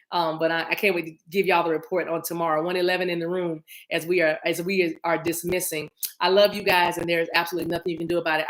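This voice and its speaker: A woman's voice: lowish voice, fairly bright tone. A woman giving a casual livestream tarot reading, chatty and affectionate, often laughing as she talks to her viewers.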